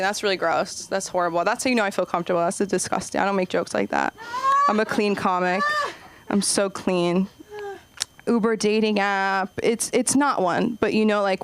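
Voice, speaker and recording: A woman's voice: mid-range voice, clear, resonant tone. A young woman performing a stand-up set at an open mic, rambling and self-deprecating with lots of "like" and trailing asides. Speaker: stand-up comic. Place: comedy club stage.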